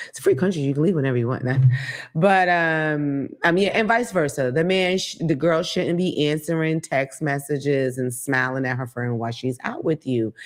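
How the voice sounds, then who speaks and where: Female host, low register; blunt, profane, animated storyteller. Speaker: talk show host. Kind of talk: casual comedic monologue.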